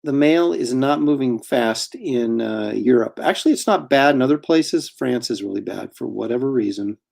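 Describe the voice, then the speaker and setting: A man's voice: mid-range voice, lively intonation, normal speed, vocal fry, darkish tone. A middle-aged man, a comic artist, chatting casually while drawing, rambling and self-deprecating with frequent chuckles.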